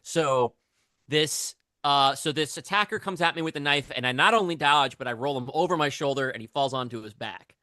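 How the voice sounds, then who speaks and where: Bright-voiced male player, rambling. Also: fairly high pitch, brisk, no echo. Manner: rambling, hesitant. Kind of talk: casual tabletop play.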